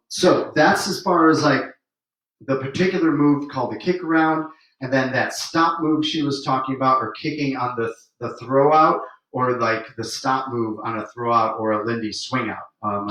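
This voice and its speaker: A man's voice: mid-range voice, moderate pace, fairly bright tone, recorded from a distance. A man teaching a livestream swing dance lesson, explaining footwork and counting beats aloud while he demonstrates the steps. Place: room where he dances on camera. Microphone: camera mic at a distance. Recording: echoey room, voice from off-mic.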